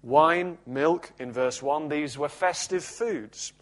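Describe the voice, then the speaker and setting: A male pastor reading scripture aloud and then preaching an expository sermon in a measured, earnest way. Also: a little high.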